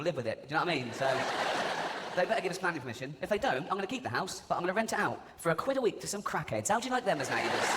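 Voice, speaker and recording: A man's voice: on the high side, background noise. A man doing a live stand-up routine, mocking and sardonic, laughing at his own jokes. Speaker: stand-up comedian. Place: large live venue. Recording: echoey hall with loud audience.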